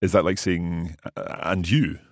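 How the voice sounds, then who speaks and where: A podcast host with a very deep, low voice leads a language lesson as a learner, posing curious questions and slowly testing out each new phrase. His tone stays steady and he chuckles frequently. The recording is close and dry, with no echo.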